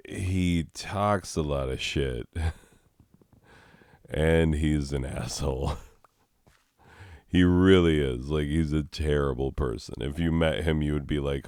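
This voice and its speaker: Brief: deep, unhurried guy ranting over gameplay, swears a lot and chuckles at himself; smooth, dry close-mic sound. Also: a little mellow, no echo. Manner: rambling and profane, laughing at own jokes. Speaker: schoolteacher. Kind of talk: casual gaming commentary.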